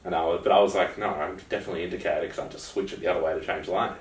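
A young Australian man with a very low voice chats bluntly as a podcast co-host, racing along with fairly even intonation. He swears freely and drifts into asides while telling his stories. The mic sounds distant, giving a roomy feel, as if he sits some way back.

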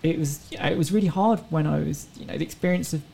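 Woman in her 30s, guest on a chat show, earnest and chatty, lots of gravel and fry in her voice. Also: low voice, racing, mellow, rough recording. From England. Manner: earnest, reflective storytelling. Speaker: guest racing driver. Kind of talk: casual interview chat.

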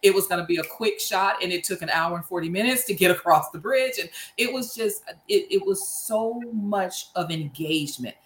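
Southern woman host, lowish voice, gushing and repeating herself, roomy echo. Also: normal speed, few pauses. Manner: enthusiastic, emphatic repetition. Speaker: podcast host. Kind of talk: casual chat.

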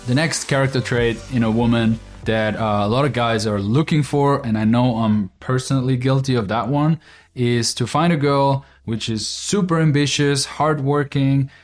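A blunt young man with an Austrian accent talks straight through a casual podcast monologue. His voice sits at an everyday middle pitch, loose and informal, with the odd swear word dropped in without a second thought. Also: normal speed, soft background music. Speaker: podcast host.

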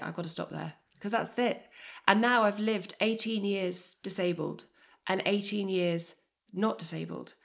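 Lively woman guest in her thirties. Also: medium pitch, creaky. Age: 30s. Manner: energetic and emotionally open, swears. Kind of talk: candid conversation.

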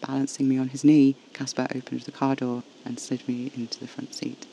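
A man tells a horror story in the first person, hushed and intimate. His voice has a gravelly edge. His pitch barely moves, and faint noise sits under the recording. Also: completely flat delivery, a little fast, few pauses, poor audio. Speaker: narrator.

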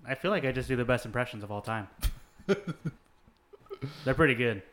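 A man's voice: medium pitch, lively intonation, a little slow, fairly bright tone, slight background noise. A man in casual chat with friends, swearing freely, joking around and laughing often. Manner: profane, jokey, laughs often.

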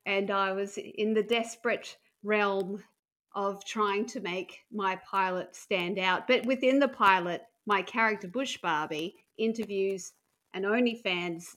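A woman's voice: mid-range voice, unhurried, fairly bright tone. A woman comedian from Australia telling bawdy stories in casual podcast chat, laughing often. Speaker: comedian guest.

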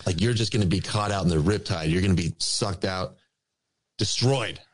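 A man on a podcast, ranting emphatically and repeating his points with drawn-out stress. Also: low-pitched. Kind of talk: casual podcast rant.

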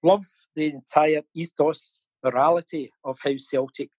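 A middle-aged man with a fairly high, steady voice speaks unhurriedly as an interview guest and fan campaigner, telling stories in a casual interview. He laughs often and repeats words while he thinks. The audio is poor, recorded through a phone or video call with no room sound.

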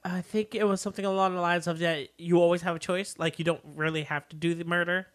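A woman co-hosting a casual podcast recap, relaxed and agreeable, with joking asides. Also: lowish voice, fast talker. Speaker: podcast co-host.

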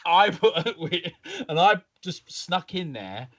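A man's voice: high-pitched, sing-song, slow pace, fairly bright tone. A man co-hosting a casual podcast, telling a prank story in a giggly, mischievous way. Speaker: podcast co-host.

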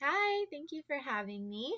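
Bright-voiced chatty woman podcaster. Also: high-pitched, sing-song, normal speed. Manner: chatty, playfully voices her dogs. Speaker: podcast host. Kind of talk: casual chat. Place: home, remote recording.

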